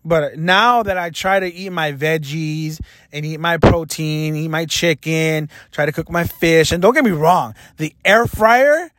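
A man's voice: a little high, unhurried, hardly any pauses, fairly bright tone, no echo, clean studio sound. A young man talking earnestly and self-critically in a confessional vlog monologue. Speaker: vlogger.

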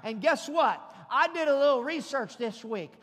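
High-voiced, bright-toned preaching man. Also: animated, moderate pace, big-room sound. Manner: preachy and emphatic, folksy humor, rising to shouts. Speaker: pastor. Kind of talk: sermon. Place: church sanctuary.

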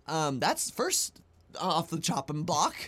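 A young man co-hosting a podcast, talking loosely and profanely, his pitch leaping up and down as he jokes. He swings from mumbled asides into sudden loud yelling. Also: sing-song, slow, breathy edge. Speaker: podcast co-host. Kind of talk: casual podcast banter.

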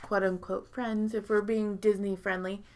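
A woman in casual chat, telling a long story full of fillers and swearing and jumping into high, loud voices when she quotes people. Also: flat delivery, normal speed. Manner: rambling, profane, heavy filler words.

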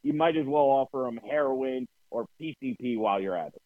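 A man's voice: medium pitch, lively intonation, a little fast, no echo. A man with a New Jersey accent co-hosting a casual podcast, telling profane, ranting stories. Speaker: podcast co-host. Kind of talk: casual chat. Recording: dry tinny phone-like sound.

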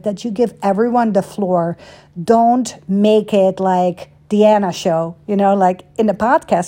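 A woman's voice: mid-range voice, warm tone. A middle-aged woman hosting her own podcast, talking in a candid, chatty, motivational way. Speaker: podcast host. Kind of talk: casual monologue podcast.

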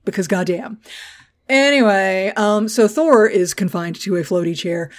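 A woman's voice: mid-range voice, unhurried. A woman co-hosting a podcast, recapping a movie in casual chat, joking and swearing freely. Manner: profane, joking, acts out characters in retelling. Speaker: podcast co-host.

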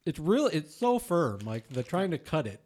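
A man's voice: fairly high pitch, big pitch swings, moderate pace, a little mellow. A young man co-hosting a podcast, chatting casually and animatedly while tasting cheese in a studio, often laughing and talking with his mouth full. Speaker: podcast co-host.

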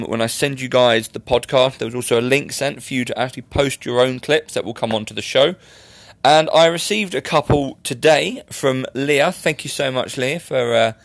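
A man's voice: medium pitch, a bit bright, no echo. Young guy rambling on his podcast, joking at himself, dry close sound. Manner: chatty and rambling, self-mocking. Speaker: podcast host. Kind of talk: casual solo podcast chat.

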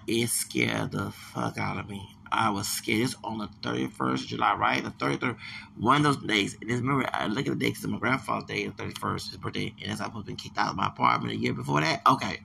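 A man's voice: lowish voice, brisk, gravelly, pushed and bright, a little hiss or hum. A man, talking in a digressive, repetitive podcast monologue full of stumbling restarts.

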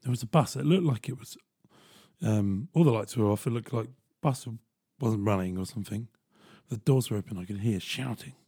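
Husky man telling a story. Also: fairly low pitch, moderate pace, dry recording, clean studio sound. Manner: animated, swearing, chuckling asides. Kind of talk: casual personal storytelling.

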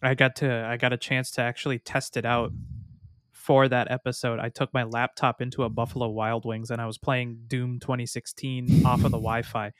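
A man's voice: mid-range voice, level tone, moderate pace, dry recording, studio quality. A man co-hosting a casual gaming podcast, chatty and telling anecdotes. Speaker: podcast co-host. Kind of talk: casual chat.

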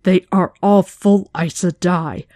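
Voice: medium pitch, steady tone, normal speed, a little mellow, no echo, clean studio sound, close to an everyday voice. A podcaster reading a novel aloud, voicing a blunt, stubborn woman healer who bites off her words. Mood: alarmed. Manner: clipped, biting.

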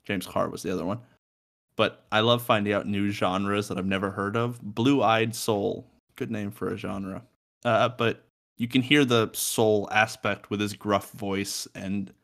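A man's voice: lowish voice, gravelly, a bit bright. A young man co-hosting a casual music podcast from a room at home, joking, swearing and laughing often. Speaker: podcast co-host.

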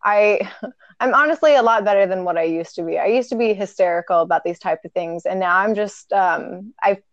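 A woman's voice: medium pitch, brisk, no echo, dull audio. Woman, young adult, podcast co-host, casual chat, candid, swears, laughs a lot, dry sound.

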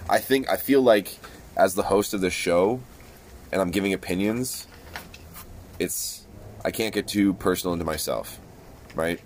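A man's voice: deep voice, a little slow, pauses often, slight background noise. Laid-back joking man hosting a podcast. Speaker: podcast host. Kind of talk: casual late-night chat. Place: balcony at night.

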